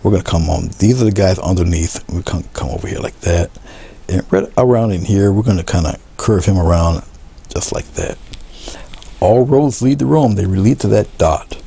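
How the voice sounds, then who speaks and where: An art instructor leads a painting demonstration, talking in a relaxed way as he works, repeating short coaching phrases and often trailing off into a murmur. His deep voice is brisk, gravelly and husky.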